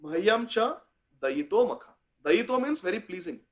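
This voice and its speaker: A man giving a devotional scripture lecture, chanting verses slowly and speaking with fervent emphasis. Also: high-pitched, big pitch swings. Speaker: speaker in a scripture class series. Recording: dull lo-fi recording.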